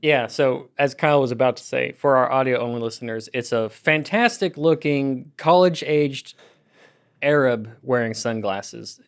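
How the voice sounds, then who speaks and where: A man's voice: mid-range voice, a little slow, clear, resonant tone. A man co-hosting a comedy podcast, telling stories in easygoing chat. He acts out little quotes as he talks. His voice comes through a studio podcast mic. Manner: chatty storyteller, acts out quotes. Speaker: podcast co-host.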